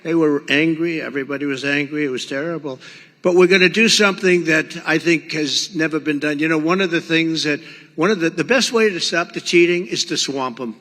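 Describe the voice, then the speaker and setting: A man's voice: a little high, brisk, a bit bright, in a large hall. An older man giving a rambling, boastful rally speech, acting out quoted exchanges. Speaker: political speaker at a rally. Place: large rally venue.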